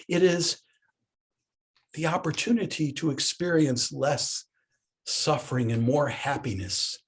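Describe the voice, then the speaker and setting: Husky guy, buddhist teacher, slow thoughtful dharma talk with lots of restarts. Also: on the high side. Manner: reflective, hesitant, with many restarts.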